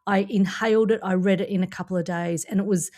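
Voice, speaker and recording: A woman's voice: medium pitch, fairly even intonation, quick pace. A woman from Australia with an Australian accent, hosting a podcast in casual, enthusiastic chat. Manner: enthusiastic, warm praise, laughs often. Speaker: podcast host.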